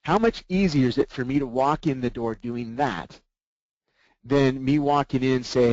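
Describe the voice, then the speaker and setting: A man leading a sales training webinar, often checking in with his listeners through quick rhetorical questions. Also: medium pitch, darkish tone, dry recording, highs cut off.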